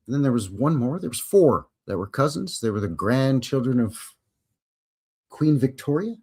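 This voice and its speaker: A man's voice: mid-range voice, lively intonation, normal speed, darkish tone, breathy edge. A man hosting a live history stream, chatting casually with jokes and rambling asides. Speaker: host.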